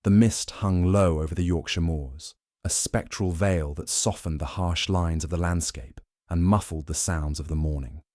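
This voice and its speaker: Brief: measured male audiobook narrator, deep voice, dry close recording. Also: darkish tone, no echo.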